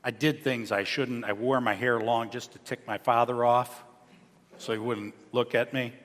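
A male pastor giving a sermon, swinging between loud emphasis and soft, hushed lines. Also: mid-range voice, fairly even intonation, normal speed. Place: church sanctuary. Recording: long reverb of a church hall.

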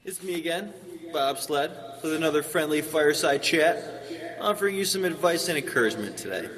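A cheery, folksy male winter-advice host, played by a man in a church skit. He talks in a chatty, upbeat pep-talk manner, his voice sitting a touch high. He sounds distant, with a long hall echo and a murmuring audience. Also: animated, moderate pace, a crowd in the background, lightly acted.

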